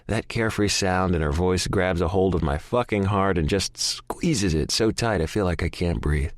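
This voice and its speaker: Male audiobook narrator: very deep, expressive, profane first-person romance read, dry studio sound. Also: moderate pace, no echo. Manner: profane, intense, emotionally charged.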